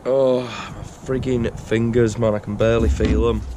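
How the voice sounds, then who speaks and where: A man's voice: medium pitch, little pitch movement, normal speed, background noise. A man working as a truck mechanic, talking casually to camera with exasperated, sweary muttering as he works outdoors. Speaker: self-employed truck mechanic.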